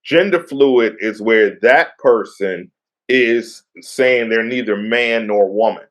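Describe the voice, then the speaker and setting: A man's voice: fairly low pitch, takes it slowly, fairly bright tone. A middle-aged man co-hosting a podcast, chatting in a laid-back, joking way and patiently explaining things. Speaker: podcast co-host. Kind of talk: casual chat.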